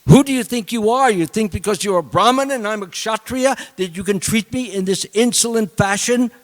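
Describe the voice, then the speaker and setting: A man voicing a proud young king who shouts indignantly, heard in a temple hall with long reverb. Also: sits high, moderate pace, voice pushed up, natural voice. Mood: furious. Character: proud angry young king, thirsty and insulted.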